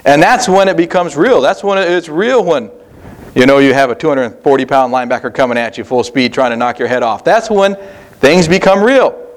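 Earnest preaching man, slightly high voice. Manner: earnest preaching with repetition and pauses. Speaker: pastor. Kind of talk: sermon.

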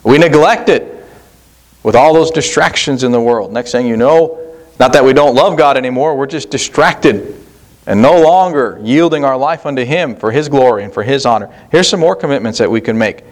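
A man's voice: medium pitch, expressive, moderate pace. A man preaching a sermon as pastor, plain-spoken, with rhetorical questions and frequent restarts.

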